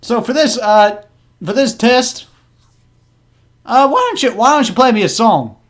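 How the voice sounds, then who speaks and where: A man's voice: extremely high pitch, lively intonation, a little slow, voice pushed up. A man voicing a laid-back male goblin guitarist in a tabletop game, talking in breezy slang. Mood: chill.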